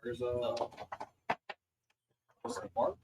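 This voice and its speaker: Gravelly, wildly bouncy man joking around. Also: medium pitch, wildly swooping pitch, drawn-out words, recorded from a distance, noisy background. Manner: joking, swearing banter. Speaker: player. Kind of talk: casual tabletop game chat.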